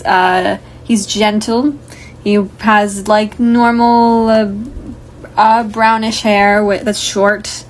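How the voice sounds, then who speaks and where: Young woman as game master, meandering narration, average pitch, slight background noise. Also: rough recording. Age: young adult. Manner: rambling, many fillers.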